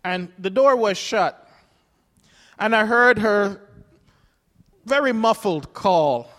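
Male pastor, higher voice, chatty storytelling sermon, long hall echo. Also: animated, slow pace, fairly bright tone. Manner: storytelling, chuckles often. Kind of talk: conversational sermon.

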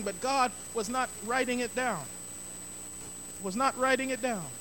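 A man's voice: high-pitched, a bit bright, a little hiss or hum. A middle-aged man preaching a sermon as pastor, emphatic and repeating key phrases for stress.

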